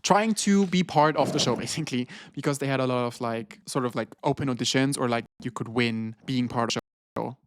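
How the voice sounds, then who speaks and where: A man's voice: mid-range voice, fairly quick, no echo, studio quality. Rambling young man. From Germany. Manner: rambling, filler-heavy, swears casually. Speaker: podcast co-host. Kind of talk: casual chat.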